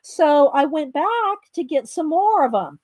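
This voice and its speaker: A high, bright-pitched woman with a drawl talks casually as she works on a drawing. She rambles and restarts her sentences, filling the pauses with ums. The recording is close and dry, with no room sound. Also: lively intonation, dry recording. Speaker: art tutorial host. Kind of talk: casual chat while drawing.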